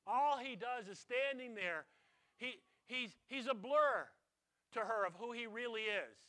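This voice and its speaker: A man preaching a sermon as a pastor, retelling a story with dramatic swings from loud to hushed. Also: very high-pitched, unhurried.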